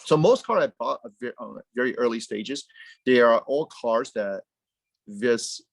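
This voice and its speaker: Animated man, dry close sound. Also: medium pitch, a little slow, gravelly, dry recording. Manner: animated, rambling with frequent restarts and repeated words. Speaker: guest, car company founder. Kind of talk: casual interview chat.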